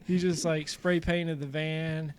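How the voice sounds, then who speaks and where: A man's voice: on the high side, little pitch movement, slow pace, slight background noise. A young man co-hosting a podcast, casually recapping a comedy film in a loose, profane way. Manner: loose, profane retelling with quoted lines. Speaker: podcast co-host. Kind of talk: casual movie-recap chat.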